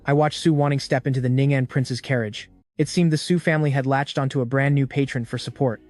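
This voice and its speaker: A man narrating a dramatic story in an even storytelling delivery. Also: medium pitch, fast.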